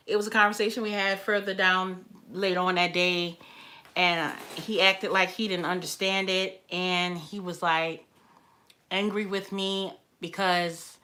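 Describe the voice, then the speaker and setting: A livestreamer chats casually on a live stream, emotional and talkative and repeating herself. Her voice is on the low side with a sharp tone.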